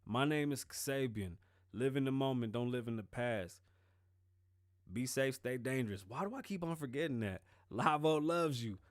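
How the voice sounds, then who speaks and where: A man's voice: medium pitch, lively intonation, moderate pace, no room sound, clean studio sound. A man hosting his own show in casual solo commentary, rambling and joking with a lot of profanity. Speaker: show host.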